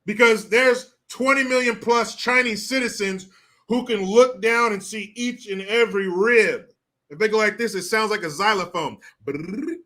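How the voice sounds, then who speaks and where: A man's voice: sits high, bright, forceful tone. A man hosting a political commentary show, ranting in a profane, sarcastic way. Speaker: host.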